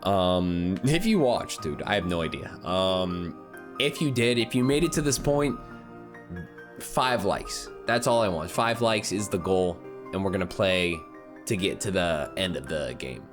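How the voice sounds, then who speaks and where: A young man with a low voice, reading a visual novel aloud for his gaming channel. He talks in an excitable, loose way, swearing and laughing between lines. Game music plays under his voice. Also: a little slow.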